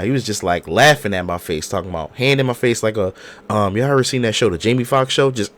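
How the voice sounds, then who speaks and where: A hoarse man, an animated, slangy podcast co-host telling a story over a video call. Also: medium pitch, fast talker. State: hoarse from a cold. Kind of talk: casual chat.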